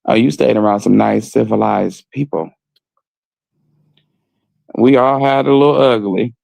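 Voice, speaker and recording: Blunt, gravelly gossiping man. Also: mid-range voice, measured pace, darkish tone, dry recording. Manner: blunt, joking, street slang; reads viewer comments aloud. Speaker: podcast co-host. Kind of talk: casual gossip commentary.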